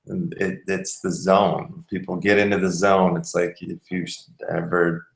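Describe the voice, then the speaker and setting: Male podcast host with a low voice, rambling through a casual story in a roomy, echoey room. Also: flat delivery, unhurried, creaky. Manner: rambling, restarts mid-sentence.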